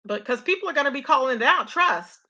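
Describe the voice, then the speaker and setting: A woman's voice: high-pitched, animated, quick pace, pushed and bright, dull audio. A woman hosting a casual commentary stream, chatty and opinionated, talking straight to her viewers. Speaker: commentary livestream host. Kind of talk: casual drama commentary talk.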